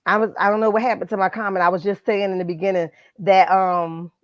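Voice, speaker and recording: A woman's voice: mid-range voice, steady tone, fast talker, no echo, highs cut off. A woman hosting a casual live stream, commenting on celebrity gossip in an emphatic, sassy way and talking straight to her chat, speaking. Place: at her workplace, indoors. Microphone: computer mic.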